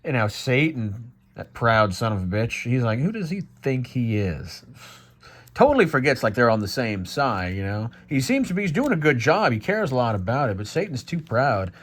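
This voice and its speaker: A man's voice: mid-range voice, very animated, a bit bright. A man giving comedic, wry commentary on his own old comic. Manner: amused, wry, drawn-out asides. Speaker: vlogger.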